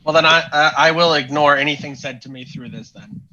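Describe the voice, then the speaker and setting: A man playing a tabletop game, making quick offhand remarks. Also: a little high, steady tone, sharp tone, dry recording, dull audio. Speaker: player.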